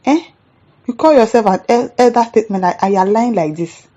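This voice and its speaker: A woman's voice: fairly high pitch, lively intonation, fairly quick, mellow, dull audio. A woman with a Nigerian accent hosting a commentary show, reacting to viewer comments in an exasperated, indignant rant.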